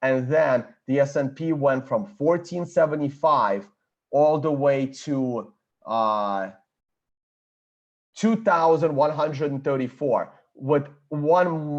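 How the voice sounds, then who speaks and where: A man's voice: medium pitch, slow, lo-fi sound. A man giving blunt, confident market analysis, thinking aloud as he walks through a chart. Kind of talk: screen-share chart analysis.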